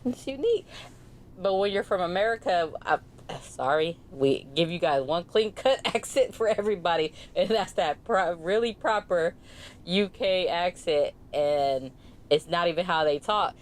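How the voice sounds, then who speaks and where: A young woman from the Bay Area co-hosting a podcast in casual chat, animated and quick to laugh. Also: lowish voice. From California, Bay Area. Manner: animated, laughs often, mimics accents. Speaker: podcast co-host.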